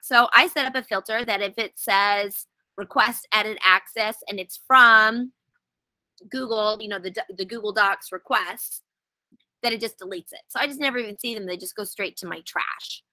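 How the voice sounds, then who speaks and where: A woman's voice: mid-range voice, normal speed, sharp tone, no echo, rough recording. A woman running a casual webinar, explaining step by step in a chatty, wry way while sitting outdoors.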